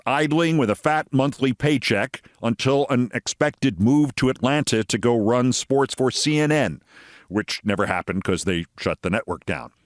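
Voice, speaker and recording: A man's voice: medium pitch, lively intonation, moderate pace, no echo, clean studio sound. A man from New York, hosting a scripted political commentary show in a sarcastic, theatrical manner. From New York, USA.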